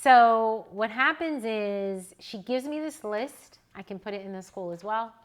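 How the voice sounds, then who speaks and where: A woman in her forties, a newborn photographer and educator, telling animated personal stories to an audience in a casual way. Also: fairly high pitch, measured pace. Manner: animated, chatty, personal anecdotes. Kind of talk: casual storytelling to a live audience.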